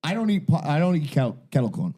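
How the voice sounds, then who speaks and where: A man co-hosting a podcast rambles through stories in casual, crude banter, swearing constantly and mocking himself with a kind of bravado. His voice is fairly high-pitched, sing-song, and mellow, and he talks fast.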